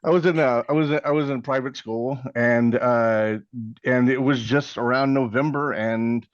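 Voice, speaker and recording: A man's voice: medium pitch, steady tone, measured pace, no echo, muffled recording. A man in his forties from Texas, a podcast guest telling rambling, self-mocking stories and acting out the people he quotes. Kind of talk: casual interview storytelling.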